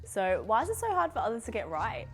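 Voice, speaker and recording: A woman presenting a news segment, her voice lively and animated in pitch with a wry touch. Faint music sits under her. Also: quick pace.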